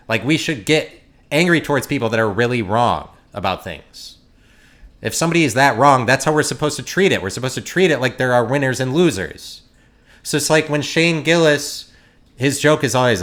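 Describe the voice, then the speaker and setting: A man's voice: mid-range voice, lively intonation, fairly quick, a bit bright. A man hosting a podcast, ranting in an exasperated, sarcastic tone. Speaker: podcast host. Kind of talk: opinionated solo rant.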